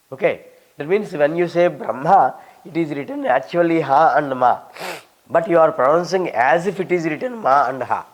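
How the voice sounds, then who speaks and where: A man's voice: a little high, rough recording. An older man, a scholar, answering questions and drilling Sanskrit pronunciation, reciting verses as he explains. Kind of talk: teaching pronunciation in a Q&A.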